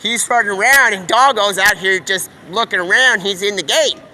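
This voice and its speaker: A man with a high, bright voice rambles on in casual slang, leaping from one idea to the next with excitable energy. He is outdoors, with faint street and vehicle noise behind him. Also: moderate pace. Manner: excitable, slangy, jumps between topics. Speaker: live streamer. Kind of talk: rambling stream-of-consciousness monologue.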